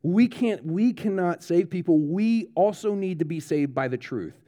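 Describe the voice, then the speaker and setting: A man's voice: sits high, animated, normal speed, dark tone. A man preaching a children's sermon in a church service, telling a true story with dramatic build-up and checking in with the kids. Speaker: pastor.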